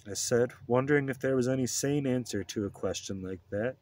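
A man reading an audiobook in a steady, measured narration. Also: medium pitch, no room sound. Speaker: audiobook reader.

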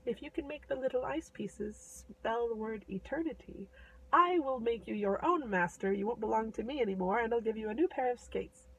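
A cold, bargaining Snow Queen, played by a woman who speaks quietly and offhand. The voice sits fairly high. It is picked up by a mic some distance away. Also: normal speed, slightly rough, muffled recording.

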